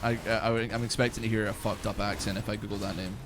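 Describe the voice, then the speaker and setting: A man's voice: lowish voice, level tone, fast, background noise. A young man streaming a video game, chatting casually in a rambling, profane way with many filler words. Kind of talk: casual chat while playing a video game.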